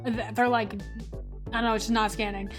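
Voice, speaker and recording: A woman's voice: fairly high pitch, fairly quick, music in the background. A woman streamer chatting casually while she draws, telling a story with frequent laughter and plenty of swearing. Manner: animated, laughs often, swears freely.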